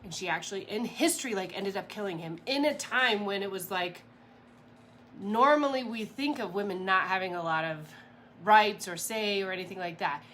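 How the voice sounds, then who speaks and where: A woman in the middle of her range talks to camera as a mindset coach. She sounds chatty and animated and rambles with fillers and little laughs. A faint hiss sits under the voice. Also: medium pitch, moderate pace. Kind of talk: casual motivational talk to camera.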